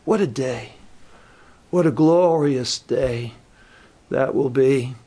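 A man preaching a sermon as pastor, telling stories in a relaxed, conversational way. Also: mid-range voice, measured pace.

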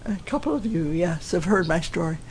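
A woman's voice: lowish voice, animated, fairly quick, a little mellow, slight background noise. A woman giving an earnest, emotional personal testimony to a church gathering.

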